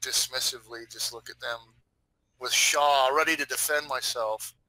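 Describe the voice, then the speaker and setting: A man playing a tabletop game, describing his character's actions in a casual, animated way. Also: medium pitch, moderate pace, rough recording. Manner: lively, animated, laughing. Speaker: player.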